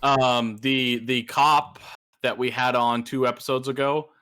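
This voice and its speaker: Guy co-hosting a chill podcast, bright punchy voice, does silly high voices for other people. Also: unhurried, clear, resonant tone, faint music behind. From New Mexico. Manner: animated storytelling, jumps high to mimic others. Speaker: podcast co-host. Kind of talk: casual chat.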